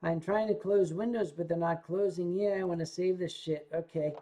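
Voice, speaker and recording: A man's voice: high-pitched, fairly even intonation, normal speed, dark tone. An older man hosting a livestream, tipsy from drinking and rambling along with stammers and swearing. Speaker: livestream host.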